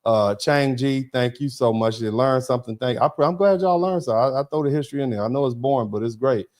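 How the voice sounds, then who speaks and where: Male livestream host, mid-pitched, chatty and emphatic, halting restarts, reading chat aloud. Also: darkish tone. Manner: conversational and emphatic, with repeated "you see what I'm saying". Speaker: host of a live show, a lawyer. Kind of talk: livestream talk, thanking viewers and reading chat.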